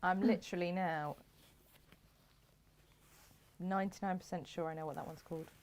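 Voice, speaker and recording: Woman co-host, lower voice, relaxed and agreeable. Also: normal speed. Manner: easygoing, agreeable, chuckles along. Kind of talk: casual chat.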